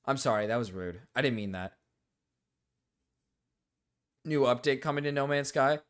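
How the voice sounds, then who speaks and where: A man live-streaming casually, reacting to videos and talking to chat, excitable and quick to yell, then sheepishly apologize. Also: medium pitch, smooth. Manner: excitable, swings between yelling and sheepish apologies.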